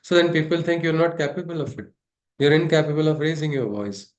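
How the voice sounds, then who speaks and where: Scripture teacher, higher voice. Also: male voice, animated, a little fast. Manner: discursive, asks rhetorical questions. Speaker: spiritual teacher.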